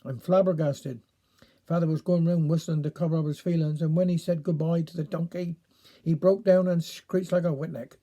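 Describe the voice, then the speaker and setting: A man with a Cornish accent reading a dialect story aloud in an unhurried, homely way. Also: a little high, little pitch movement, mellow.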